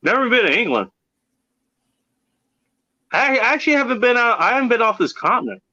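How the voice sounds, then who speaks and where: A man hosting a livestream talks in a lively, swooping voice, bright and a little forceful. His chat is loose, rambling and full of swearing. The audio is dull and lo-fi. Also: very high voice, a little fast. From Pacific Northwest of the US. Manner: profane, rambling, animated. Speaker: livestream host.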